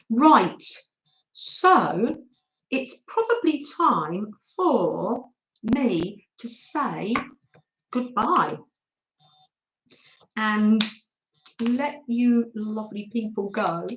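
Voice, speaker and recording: Chatty woman with a lively voice. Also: medium pitch, echoey room, poor audio. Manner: chatty, affectionate, reads chat names aloud. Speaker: craft livestream host. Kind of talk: casual livestream chat. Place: home dining room table.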